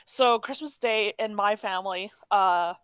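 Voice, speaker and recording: A woman's voice: medium pitch, a little slow, fairly bright tone, clean tone, no echo. Young woman, podcast co-host, rambling casual talk, dry close sound. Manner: rambling, self-correcting, chatty. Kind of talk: casual chat.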